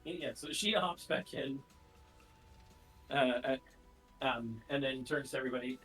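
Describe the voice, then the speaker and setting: A man's voice: mid-range voice, a little slow, bright, forceful tone, far from the mic, soft background music, poor audio. A man playing in a tabletop game, hesitant, stacking fillers and repeated words. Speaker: player. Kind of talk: tabletop game role-play.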